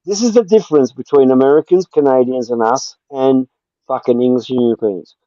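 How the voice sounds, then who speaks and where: A man's voice: medium pitch, a little fast, dark tone, no room sound. Foul-mouthed combative Australian man. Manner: profane, combative, talks over others. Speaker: livestream panel guest. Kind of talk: heated live-stream banter. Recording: dull lo-fi stream audio.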